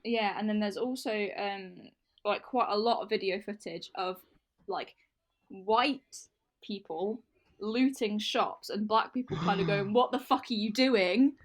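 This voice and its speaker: A Scottish woman co-hosting a podcast in casual chat, explaining hesitantly with many pauses and restarts. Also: medium pitch. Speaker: podcast co-host.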